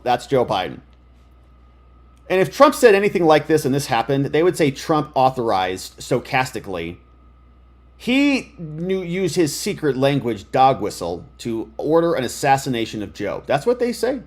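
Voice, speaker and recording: A man hosting a live commentary stream, talking in an excitable, sarcastic way and reading headlines and statements aloud. His voice sits at an ordinary middle pitch and he talks in a plain, conversational tone. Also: moderate pace. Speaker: lawyer and political commentator.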